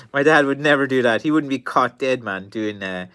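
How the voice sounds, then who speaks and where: A man's voice: mid-range voice, sharp tone. An Irish man chatting casually on a live stream and answering viewers, rambling with many fillers and restarts, his voice worn and tired with a cough. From Ireland. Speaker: stick maker answering live chat.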